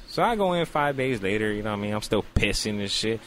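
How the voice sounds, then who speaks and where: A man co-hosting a casual talk show, telling a story in an animated, profane way and acting out his own reactions. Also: fairly low pitch, fast, a little hiss or hum. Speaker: podcast co-host.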